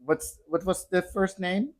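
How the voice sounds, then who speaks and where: A man's voice: sits high, measured pace. A man who is a drag queen, a guest chatting casually on a podcast, teasing and laughing often.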